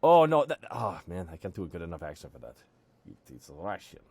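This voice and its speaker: A man's voice: low-pitched, big pitch swings, brisk, creaky, a little mellow, a little hiss or hum. A man hosting an art stream, chatting playfully and joking around. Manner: playful, jumps into silly voices and jokes. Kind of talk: casual chat.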